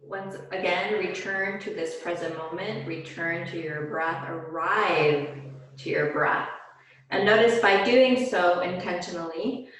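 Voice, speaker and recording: Woman yoga instructor, low-pitched, calm guided cues, very reverberant room. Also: slight background noise. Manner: slow, calm, soothing cues with pauses. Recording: very echoey room.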